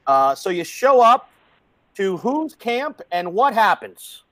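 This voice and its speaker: A male podcast host asking an interview guest questions in a measured way. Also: sits high, sing-song, a bit bright, no echo.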